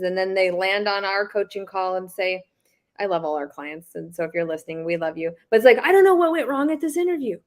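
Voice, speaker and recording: A woman co-hosting a career podcast, talking casually and reassuringly about coaching clients. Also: medium pitch.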